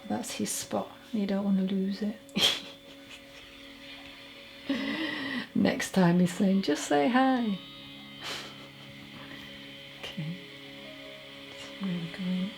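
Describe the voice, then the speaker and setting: A woman giving a solo mediumship reading as a psychic medium, talking in a halting, chatty way and correcting herself as she goes. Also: mid-range voice, level tone, a little mellow, faint music behind, rough recording.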